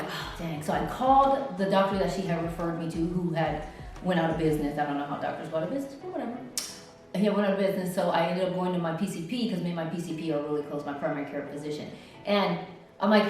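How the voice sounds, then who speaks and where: Older woman, chatty storyteller, big voiced-out quotes, recorded far off in a roomy space. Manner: animated, acts out other people's lines in a high voice. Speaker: interviewee telling her story. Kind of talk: casual storytelling. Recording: roomy echo, distant from mic.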